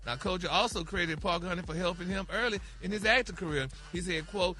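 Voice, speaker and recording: A man's voice: high-pitched, fast talker, few pauses, sharp tone. A man delivering a celebrity gossip segment on morning radio, flamboyant and peppering his talk with "honey" and "y'all.". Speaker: celebrity news correspondent.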